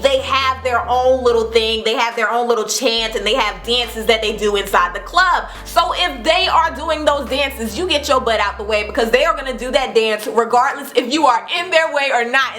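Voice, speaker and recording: A woman in her twenties, a vlogger telling a casual storytime, animated and acting out what people said. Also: on the high side, normal speed, soft background music. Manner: animated, acts out quotes with laughs.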